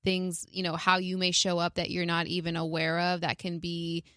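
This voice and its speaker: A woman's voice: on the low side, completely flat delivery, moderate pace, a bit bright, dry recording, clean studio sound. A woman in casual podcast chat, speaking in a reflective, affirming way.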